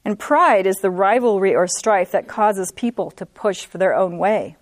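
Woman teaching bible study to ladies, earnest and steady, dry room. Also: mid-range voice, dry recording. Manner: earnest, repeats for emphasis, reads scripture slowly.

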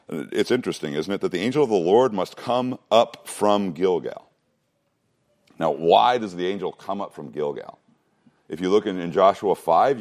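A man's voice: fairly low pitch, a little mellow. A man preaching a sermon, earnest and emphatic, often restarting words and asking rhetorical questions.

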